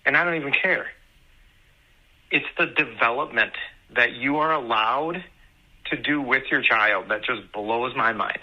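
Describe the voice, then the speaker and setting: A young father tells stories about parenting with a very bright, ringing voice. He moves from dry sarcasm to heartfelt sincerity. The audio is dull and lo-fi. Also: medium pitch. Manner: sarcastic then earnest, animated anecdotes. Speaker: parent sharing on a podcast. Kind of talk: casual personal storytelling. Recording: muffled lo-fi audio.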